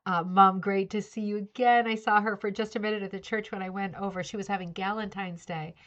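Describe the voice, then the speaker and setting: A woman's voice: mid-range voice, fairly even intonation, fairly quick. Woman, middle-aged, casual livestream host, friendly rambling chat, slightly muffled sound. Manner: chatty, greets viewers by name, coos baby talk to her dog. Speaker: livestream host of a rug hooking club. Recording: slightly dull lo-fi livestream audio.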